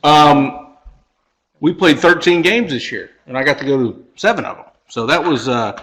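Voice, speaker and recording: A man's voice: fairly high pitch, expressive, moderate pace, fairly bright tone, low-quality recording. A man hosting a podcast in a casual chat, asking his co-hosts questions and chuckling along. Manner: chatty, prompts others with questions, chuckles often. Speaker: podcast host.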